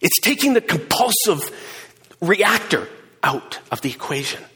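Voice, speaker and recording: A middle-aged man preaching a sermon, telling a personal story with emphatic swings between hushed and raised delivery. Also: sits high, sing-song, a little slow, husky. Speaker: pastor. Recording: long hall reverb.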